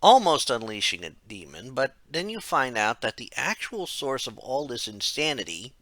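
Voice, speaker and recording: A man's voice: mid-range voice, sing-song, moderate pace, fairly bright tone, dry recording. A man narrating a casual game retrospective, rambling, correcting himself and dropping wry asides. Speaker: game reviewer.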